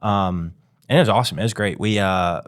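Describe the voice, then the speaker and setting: A man's voice: low voice, fairly quick. A man co-hosting a dog training podcast, chatting casually and rambling with lots of fillers. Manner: relaxed, rambling with many fillers. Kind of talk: casual chat.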